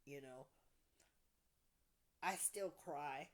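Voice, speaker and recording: A woman with a low voice leads a group session at an unhurried pace. Her delivery is soft and deliberate, and her phrases often fade to a breathy near-whisper. She sounds calm and reflective. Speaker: podcast host leading a support group.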